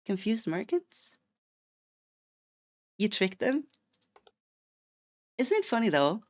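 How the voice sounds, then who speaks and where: A man's voice: sits high, very animated, slow pace. A man from Sweden chatting casually on a live stream while he plays, rambling through tangents and restarting his sentences.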